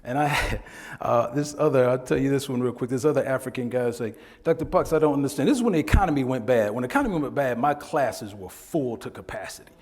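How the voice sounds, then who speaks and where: A man leading a workshop, lecturing in a conversational, animated way with frequent laughs, recorded in an echoey hall. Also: mid-range voice, fast talker. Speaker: workshop presenter. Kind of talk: lecture with storytelling.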